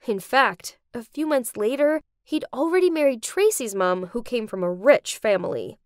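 A young woman giving dramatic scripted narration for an animated story. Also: a little high, normal speed, dry recording, studio quality.

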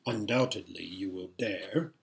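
Brief: shrewd aging emperor, read by a male narrator, low-pitched, dry and sardonic. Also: unhurried, vocal fry.

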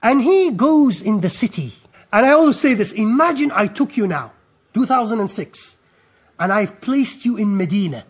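A male lecturer with a notably high-pitched voice delivers a recorded history talk as animated storytelling. He poses rhetorical questions and swings between hushed asides and emphatic, raised lines. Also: normal speed, breathy edge.

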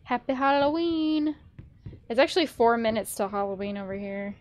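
A woman streaming a horror game, talking loudly and joking at it with frequent swearing. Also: fairly high pitch, steady tone, moderate pace, a little hiss or hum. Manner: loud, profane, joking at the game. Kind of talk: casual gaming commentary.

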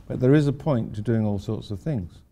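A man's voice: medium pitch, fairly quick, mellow. An older man, an architect giving an informal lecture, rambling through anecdotes with wry asides.

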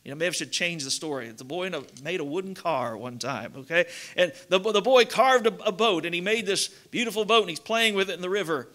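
A man's voice: high voice, lively intonation, fairly quick, few pauses, fairly bright tone. A man with a Kentucky accent preaching a sermon as pastor, reading scripture and telling folksy stories with acted-out voices.

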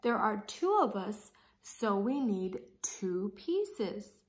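A woman's voice: medium pitch, big pitch swings, slow pace. A woman voicing a sensible young female alligator in a picture book read aloud. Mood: earnest.

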